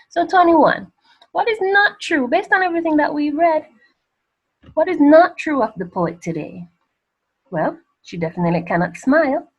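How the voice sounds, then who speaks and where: A woman's voice: sits high, lively intonation, normal speed, poor audio. A woman teacher working through exam questions on a poem step by step, posing rhetorical questions and answering them in a patient, conversational way. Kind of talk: exam revision lesson.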